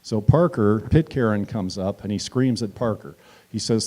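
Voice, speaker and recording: Male town hall speaker, low mellow voice, storytelling that swells into loud emphatic lines. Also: expressive, normal speed. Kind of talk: political stump speech. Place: community meeting hall.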